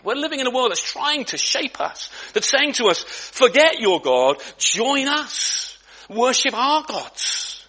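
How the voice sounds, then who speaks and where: In a church, a man with a medium-pitched voice preaches a sermon conversationally. His delivery is full of restarts and asides, carried by lively emphasis.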